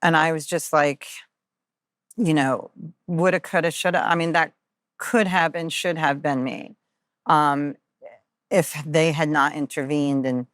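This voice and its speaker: A woman with a low voice speaks earnestly and openly in an interview, often pausing on fillers as she works through a personal story. The sound is dry and close. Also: fairly even intonation, a bit bright, no echo. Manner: earnest, confessional, many fillers. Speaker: guest.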